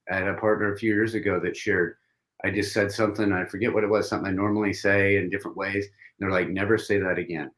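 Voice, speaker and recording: A man with a lowish voice joins a casual livestream chat as a guest. He reflects out loud and shares personal stories. He often stops and restarts his sentences as he goes. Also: roomy sound.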